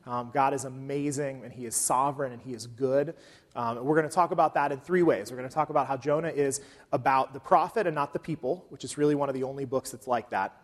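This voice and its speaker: Conversational preacher in a reverberant hall. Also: male voice, mid-range voice, fast. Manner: conversational, with frequent um fillers. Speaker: pastor. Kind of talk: sermon.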